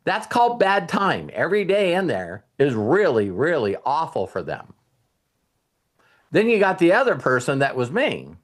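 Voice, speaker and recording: A man's voice: fairly high pitch, wildly swooping pitch, moderate pace. A middle-aged man, host of a coaching show, telling a personal story in a casual motivational talk and acting out his younger self's words. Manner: storytelling, acts out his younger self in quotes.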